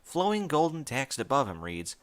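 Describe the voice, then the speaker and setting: Bright-voiced man reading a story aloud. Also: medium pitch, moderate pace. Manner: emotional, expressive reading. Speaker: audiobook reader. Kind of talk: reading fan fiction aloud, first-person narration.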